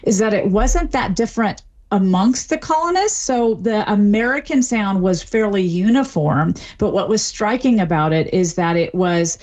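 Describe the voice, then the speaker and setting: A woman answering interview questions as an expert, explaining clearly and with examples. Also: medium pitch, moderate pace, few pauses. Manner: articulate, lively, explains with examples. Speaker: dialect expert guest.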